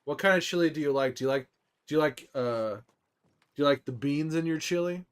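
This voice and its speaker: A young man chatting casually on a live stream, reading viewers' messages aloud and answering them in a relaxed, rambling way. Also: fairly high pitch, a little fast, clear, resonant tone.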